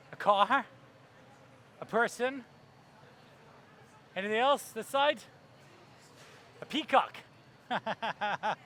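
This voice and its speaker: A man's voice: sits high, a bit bright, slight background noise. A man giving a keynote talk on stage, brash and profane, acting out voices for comic effect. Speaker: keynote speaker.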